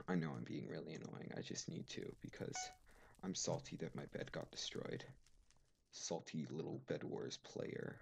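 A man's voice: very deep voice, fairly even intonation, moderate pace, creaky, background noise. A young man commentating his game with sarcastic, mock-offended rants on a cheap desk mic. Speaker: gamer. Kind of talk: gameplay commentary.

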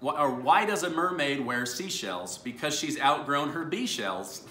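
A man reads dad jokes for his family video, chuckling at each punchline. His voice is bright and swings up and down a lot. The room is echoey, with a little noise underneath. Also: a little high, lively intonation, moderate pace. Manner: laughs at his own jokes. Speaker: YouTube host reading viewer dad jokes. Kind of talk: casual family vlog.

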